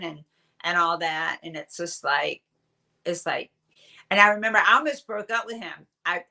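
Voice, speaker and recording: A woman in her sixties, a guest on an interview show, telling chatty, animated stories full of fillers. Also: lowish voice. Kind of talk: casual storytelling interview.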